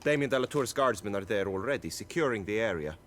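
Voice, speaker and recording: An actor playing an earnest young knight who speaks in formal, old-fashioned courtly phrases in a video game. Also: male voice, fairly low pitch, animated, quick pace, a bit bright. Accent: mixed British Isles-like accent. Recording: game audio with faint noise.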